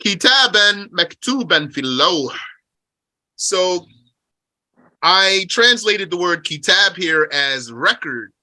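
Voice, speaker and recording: Bright, dry-voiced man teaching a lesson. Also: high-pitched, big pitch swings, no echo. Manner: reads Arabic passages rapidly, then explains slowly in English with rhetorical questions. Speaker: teacher explaining a Qur'an commentary. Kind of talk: explanatory religious lesson, reading Arabic then translating.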